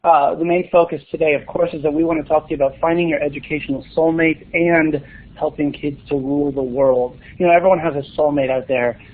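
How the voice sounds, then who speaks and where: A man's voice: on the high side, steady tone, quick pace. Upbeat man on a tinny line. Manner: upbeat, enthusiastic, joking. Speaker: school librarian and podcast host. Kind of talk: conference webinar presentation.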